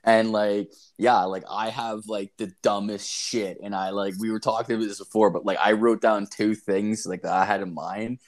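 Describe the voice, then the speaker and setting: Guy with a lowish voice cohosting a podcast, swears a lot, rambles through stories. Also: fairly even intonation, moderate pace, few pauses. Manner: profane, rambling storytelling. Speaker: podcast co-host. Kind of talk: casual chat.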